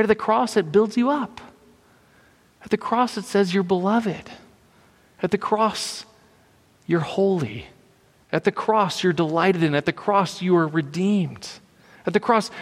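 A man's voice: high voice, big-room sound. A man preaching a sermon, emphatic and repetitive, often checking in with "right?".

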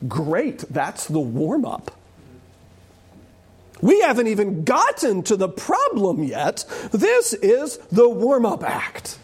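A man preaching a sermon with animated delivery and joking asides. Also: high-pitched, takes it slowly, husky.

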